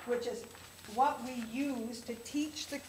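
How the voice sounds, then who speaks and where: A woman's voice: a little high, fairly even intonation, slow, background noise. A woman piano teacher leading a workshop for other teachers, enthusiastic and counting rhythms aloud.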